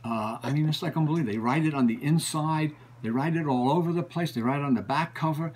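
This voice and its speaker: A man's voice: on the high side, fast talker, darkish tone, breathy edge, rough recording. Rambling male book collector telling stories. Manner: rambling, repeats and restarts phrases. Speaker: book collector and show regular. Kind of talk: casual storytelling.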